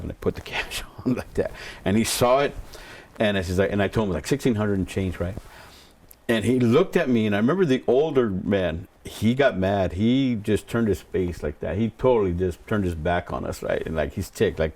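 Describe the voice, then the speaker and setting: Speaking fairly quickly in a lowish, expressive voice, this male pastor recounts something from his own life. His telling wanders, circles back over the same words, and performs the voices of the people he quotes.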